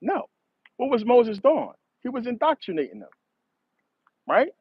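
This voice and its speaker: Husky man ranting casually. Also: very high voice, big pitch swings, measured pace, dry recording. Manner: profane, rambling, laughs often. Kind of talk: casual monologue. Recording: dull, slightly lo-fi dry recording.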